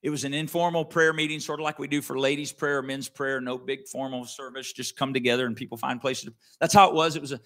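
Male pastor, middle-aged, conversational sermon storyteller, crisp bright tone. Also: mid-range voice, steady tone, fast talker, few pauses. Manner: earnest, conversational, with frequent restarts.

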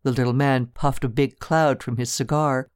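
A man reading a story aloud as narrator, with a measured storytelling delivery. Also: medium pitch, fairly even intonation, clean tone, no room sound, clean studio sound. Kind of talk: audiobook narration.

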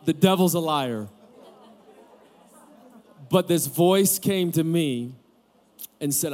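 A man in his forties preaches to his congregation, sharing a personal story candidly and breaking into quick jokes. His speaking voice sits a little on the high side. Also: a little mellow, a faint crowd. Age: 40s. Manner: candid storytelling with joking asides. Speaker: pastor. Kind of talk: sermon. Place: camp gathering room with audience.

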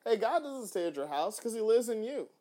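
A man hosting a faith-based podcast, talking in an animated way with frequent restarts. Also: high voice, a little fast. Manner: animated, acts out little dialogues, frequent restarts. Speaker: podcast host.

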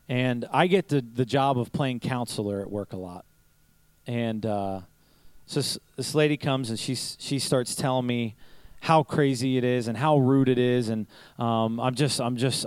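A man's voice: mid-range voice, a little slow, clean tone, dry recording, poor audio. A pastor preaching to his church in a conversational sermon, telling stories, asking rhetorical questions and chuckling now and then. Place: church service.

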